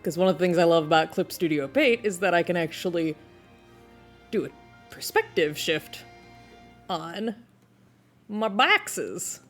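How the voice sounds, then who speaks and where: A woman's voice: lowish voice, big pitch swings, measured pace, pauses often, a bit bright. A woman chatting casually with her live-stream viewers while she draws, laughing often. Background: video game music playing.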